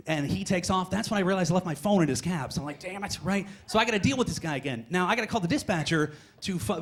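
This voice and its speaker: A young adult man doing a stand-up comedy set in a comedy club, rambling through stories with exasperated asides. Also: high-pitched.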